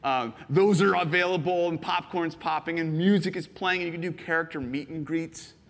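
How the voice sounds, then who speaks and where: A man preaching a sermon, animated and playful, acting out little scenes and jumping into excited voices for the people in his stories. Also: moderate pace, long reverb tail. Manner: animated, jumps into high excited voices when quoting. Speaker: pastor. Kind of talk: sermon with acted-out illustrations.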